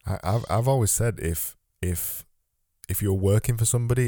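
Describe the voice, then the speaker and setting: A man's voice: fairly low pitch, moderate pace, warm tone, no room sound, studio quality. A man hosting a casual conversation, emphatic and repeating words as he starts sentences, a little worn in the voice. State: losing his voice. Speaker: podcast host.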